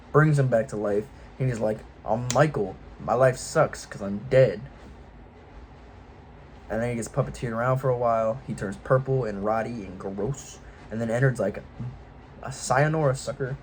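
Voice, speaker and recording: A man's voice: fairly low pitch, fast talker, darkish tone, poor audio. Guy rambling thru game lore, offhand and jokey, kinda irreverent, faint room hum behind. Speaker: video host. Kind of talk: casual lore retelling.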